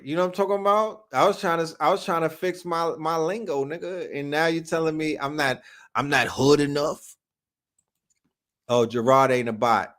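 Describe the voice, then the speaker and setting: A man's voice: a little high, moderate pace, a bit bright. A man from New York hosting a casual livestream, talking hip hop in loose slang and reacting to comments from chat. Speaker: livestream host.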